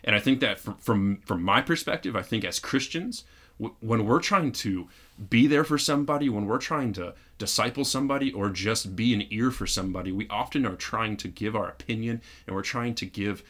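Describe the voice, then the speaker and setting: A man's voice: on the low side, animated, fairly bright tone. A man co-hosting a podcast, talking in an earnest, reflective casual chat. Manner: earnest, reflective, quick asides. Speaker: podcast co-host.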